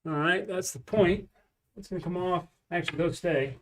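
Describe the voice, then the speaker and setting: A man's voice: high-pitched, normal speed, distant mic, slight background noise. A man casually chatting on a live stream at home while practicing craps, calling out rolls and bets.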